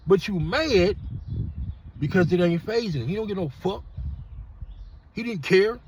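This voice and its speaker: Middle-aged male podcast host; husky, blunt, profane street monologue. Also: sits high, animated, unhurried, long pauses. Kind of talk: casual monologue.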